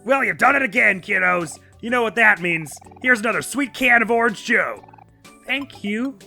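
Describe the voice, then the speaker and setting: A man's voice: sits high, lively intonation, moderate pace, vocal fry, sharp tone, faint music behind, pitched above the performer's own voice, exaggerated voice. A man voicing a friendly, forgetful middle-aged dad in a video game, using a put-on American accent and a chummy, upbeat delivery. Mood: cheery.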